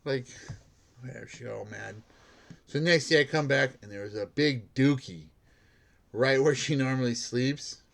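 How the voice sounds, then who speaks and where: A man's voice: medium pitch, moderate pace, creaky. A man who works as a bank security guard, telling a rambling story in a casual monologue, filled with "like" and laughing at himself.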